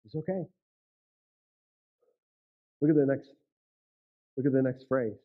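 A man's voice: mid-range voice, unhurried, narrow, tinny audio. A male pastor preaching a sermon in a conversational way, often checking in with "right?" and repeating words as he starts a thought. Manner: conversational, frequent "right?" and "okay?" asides.

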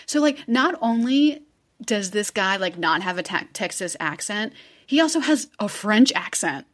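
A woman's voice: medium pitch, animated, moderate pace. A woman hosting a casual podcast, telling a true-crime story in a chatty way, swearing and acting out quotes.

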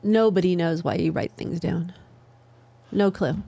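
A woman co-host cuts in with quick, teasing remarks. Her voice has a gravelly edge. The recording is dry and close. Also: lowish voice, steady tone, mellow, no room sound. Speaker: podcast co-host. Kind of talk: casual chat.

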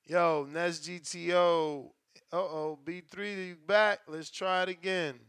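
A man's voice: high voice, steady tone, takes it slowly, fairly bright tone, clean tone, no room sound, studio quality. A man hosting a live call-in boxing show, talking to callers and chat in slangy, profane, joking banter. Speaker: show host.

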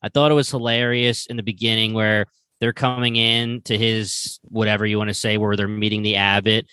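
Bright-voiced laid-back podcast host. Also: male voice, fairly low pitch, level tone, a little fast, clean tone, dry recording. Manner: laid-back, laughs easily, acts out quotes. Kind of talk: casual chat reviewing a TV series.

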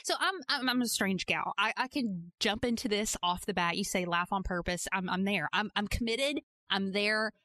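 Playful, animated woman podcast host. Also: mid-range voice, normal speed, few pauses, dry recording. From Georgia, US. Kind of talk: casual podcast narration.

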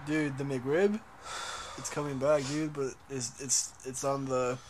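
A man's voice: mid-range voice, flat delivery, a little slow, noisy background. A young man co-hosting a podcast in casual, profane chat, laughing a lot and often restarting his sentences. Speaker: podcast co-host.

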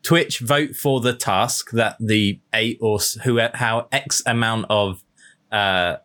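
A man's voice: on the low side, slow, fairly bright tone. A man in casual podcast chat who explains eagerly with examples.

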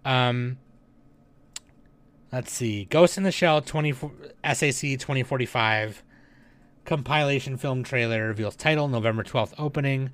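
A young man hosting a news podcast, reading headlines and adding relaxed offhand comments with lots of fillers. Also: medium pitch, a little slow, no echo. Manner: reads headlines, then adds relaxed offhand remarks with many fillers.

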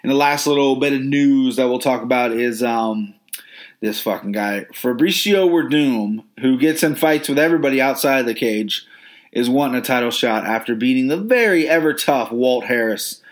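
A man's voice: medium pitch, normal speed. A man hosting a podcast, giving brash, profane, opinionated commentary on fighters. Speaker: podcast host.

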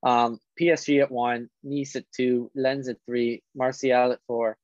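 A man's voice: medium pitch, level tone, a little mellow, no echo. A man co-hosting a laid-back sports chat, reading off league tables with plenty of ums and restarts. His voice sits in a middle register. The recording is dry and a bit dull and lo-fi. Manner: reads standings in a halting way with fillers. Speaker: sports podcast co-host.

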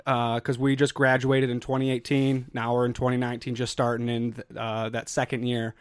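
A man's voice: mid-range voice, completely flat delivery, fairly quick, smooth, no echo. Young male host, dry close sound. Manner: long winding questions with fillers. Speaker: podcast host. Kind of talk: interview questions.

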